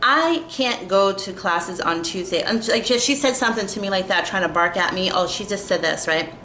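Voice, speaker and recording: A woman's voice: medium pitch, normal speed, pushed and bright, slight background noise. A young woman telling an exasperated storytime rant, full of "like" and fillers. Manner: exasperated, filler-heavy with constant "like". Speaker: vlogger. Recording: echoey room with faint ambience.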